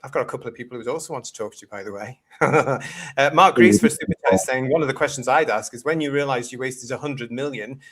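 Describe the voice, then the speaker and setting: A British man hosts a casual panel chat over a video call. He talks in a blunt, opinionated, mocking way and sits at an ordinary middle pitch. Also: fast talker, a bit bright, slightly rough. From United Kingdom. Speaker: host.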